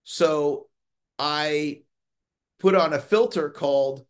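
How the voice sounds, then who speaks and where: A middle-aged man coaching on a motivational call, earnest, often slowing down to stress key words and repeating phrases. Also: on the high side, expressive. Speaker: sales coach.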